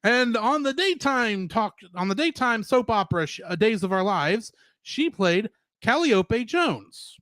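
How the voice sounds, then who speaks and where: A man's voice: high voice, a little slow, dry recording, studio quality. A man co-hosting a podcast, talking casually and laughing often as he runs through a cast list. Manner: laughs often, animated and chatty. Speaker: podcast co-host.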